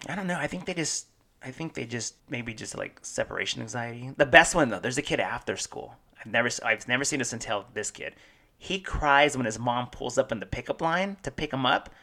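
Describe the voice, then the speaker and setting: A man's voice: medium pitch, animated, fairly quick, vocal fry, bright, forceful tone. A man in his thirties co-hosting a casual chat show, telling jokey stories and acting out what people said. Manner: joking storyteller, acts out quotes. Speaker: podcast co-host.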